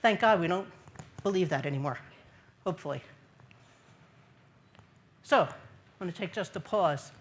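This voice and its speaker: A woman's voice: fairly low pitch, animated, moderate pace, long pauses. A woman giving an earnest faith talk to a gathered audience in a large room, repeating key phrases and putting questions to her listeners. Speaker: speaker at a church gathering.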